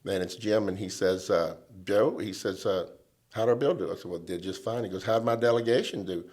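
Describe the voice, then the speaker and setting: A middle-aged man, a lobbying veteran telling lively stories as a podcast guest and acting out the people he quotes. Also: lowish voice, brisk. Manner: animated storyteller who acts out quoted people. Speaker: government relations veteran, guest. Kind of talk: casual storytelling chat.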